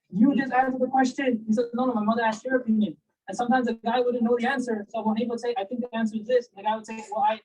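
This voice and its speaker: A woman teaches religious history at a brisk clip, her voice fairly high and a little husky. She tells her stories with animation, acting out the people she quotes and reciting Arabic verses. The low-quality recording sounds distant from the mic. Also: warm tone. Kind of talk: storytelling religious lecture.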